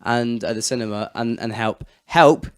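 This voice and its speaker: British male podcast co-host, rambles with lots of ums, smooth clear voice, dry close sound. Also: mid-range voice, normal speed, no room sound. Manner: rambling, hesitant, laughs often. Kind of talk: casual chat.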